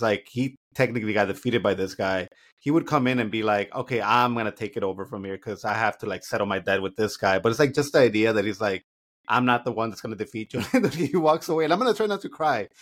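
A man co-hosting an anime review podcast in casual chat, rambling and packing his talk with fillers. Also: lowish voice. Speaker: podcast co-host.

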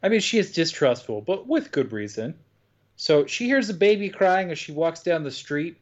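A man's voice: on the high side, big pitch swings, normal speed. A man from the United States recapping a movie in casual podcast chat, dry and wry, swearing freely. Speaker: podcast co-host. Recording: dull lo-fi podcast audio.

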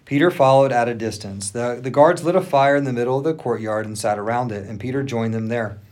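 A man co-hosting a podcast, reading scripture aloud in a steady way that sinks lower and slower at solemn moments. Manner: steady, even reading that drops low and slow at solemn moments. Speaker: podcast co-host.

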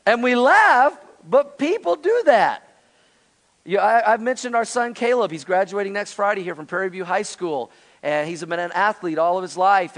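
A man in his forties, a pastor, preaching a sermon in an earnest, conversational way to his congregation. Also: high voice. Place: church sanctuary.

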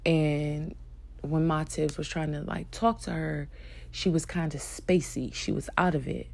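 Slow, gravelly-voiced woman telling a story. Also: low voice, fairly even intonation. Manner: soft-spoken, hesitant, with many fillers and restarts. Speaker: vlogger sharing a personal story. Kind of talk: casual personal storytelling.

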